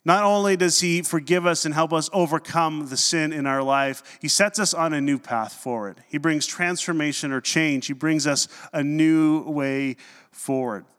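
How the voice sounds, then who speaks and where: A male pastor delivers a sermon with lively, conversational energy and a touch of humor. His voice sits a little higher than most men's. A long reverb trails after his words, as in a large hall. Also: moderate pace, clean tone. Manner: conversational, animated preaching with humorous asides.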